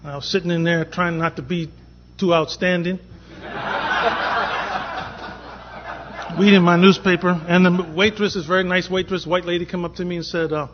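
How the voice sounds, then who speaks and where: A Boston man on a conference panel tells a personal anecdote, acting out the dialogue in quotes. His high voice barely moves in pitch, with a measured pace and long pauses. The dull lo-fi conference recording carries a little hiss or hum.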